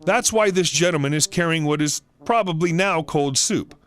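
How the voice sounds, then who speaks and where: A man voicing a polite, measured male restaurant manager who stays firm. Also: on the high side, a bit bright, lightly acted.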